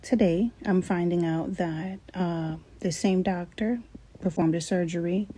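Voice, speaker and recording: A woman giving a personal testimony about her surgery, halting and full of fillers and repeats. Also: on the low side, fairly even intonation, warm tone. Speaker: former surgery patient.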